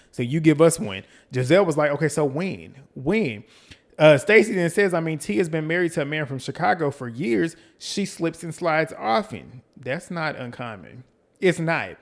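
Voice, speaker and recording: A man's voice: fairly high pitch, brisk. A man from the US South with a light North Carolina country twang, casually recapping and commenting on a reality show in a chatty, gossipy way. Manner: chatty, gossipy, quotes the cast in lively bursts.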